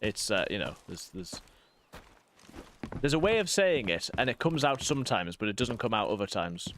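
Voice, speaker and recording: A fairly low-pitched man in his thirties chats casually while streaming a game, and his northeast English accent slips in and out. He rambles, restarts sentences and breaks off for quick asides about the game. A faint hiss sits under his desk mic. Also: very animated, fairly bright tone. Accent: northeast English, softened. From northeast England. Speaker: streamer and vicar. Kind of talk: casual gaming stream chat.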